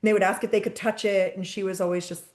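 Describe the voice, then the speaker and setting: A woman's voice: medium pitch, fast talker. A woman moderating a casual parent conversation, telling stories and acting out the voices of kids and parents. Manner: lively storyteller who acts out quoted voices. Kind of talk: casual chat on a video call.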